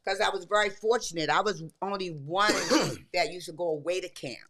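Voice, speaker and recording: Animated woman in her sixties telling stories. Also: on the low side, normal speed, slight background noise. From Baltimore. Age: 60s. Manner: animated storyteller, acts out her younger self. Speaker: guest. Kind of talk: storytelling in casual podcast chat.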